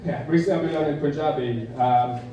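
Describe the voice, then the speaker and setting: A young English man doing a stand-up set in a club, with a dry, self-deprecating, halting delivery full of fillers. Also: fairly high pitch, dull audio, crowd noise. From England. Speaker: stand-up comedian. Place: comedy club bar with a live audience. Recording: roomy club sound from a distant mic. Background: audience laughter.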